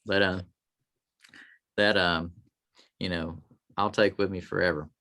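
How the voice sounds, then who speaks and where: A man's voice: low voice, fairly even intonation, measured pace, sharp tone. A man, a guest telling rambling stories in a casual interview, often acting out what others said. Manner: rambling anecdotes with quoted voices. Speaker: guest, tribute performer.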